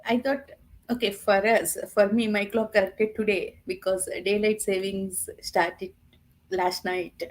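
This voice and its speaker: A woman's voice: medium pitch, fairly even intonation, a little slow. A woman in casual chat on a video call, teasing and laughing.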